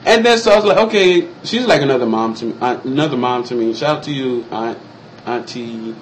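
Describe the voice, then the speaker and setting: A young man telling a personal story in casual vlog style, animated and acting out other people's lines in exaggerated high voices. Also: brisk, a little hiss or hum, rough recording. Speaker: vlogger.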